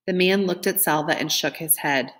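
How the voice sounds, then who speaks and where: A woman reading a novel aloud in a gentle, expressive way, raising her voice for the characters' lines. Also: normal speed. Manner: expressive, gentle, lifts pitch for dialogue. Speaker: reader.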